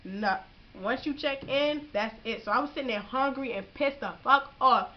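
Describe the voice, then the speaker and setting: Young woman, casual vlogger; profane, slangy, animated; dull lo-fi audio. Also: high voice, normal speed. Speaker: vlogger giving boot camp advice. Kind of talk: casual advice vlog.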